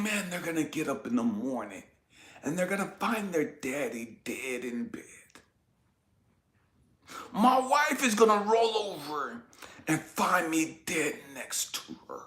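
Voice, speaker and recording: A man giving an impassioned personal testimony, swinging between hushed whispers and shouted pleas, raw and tearful, swearing freely. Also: fairly high pitch, echoey room. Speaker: spiritual vlogger.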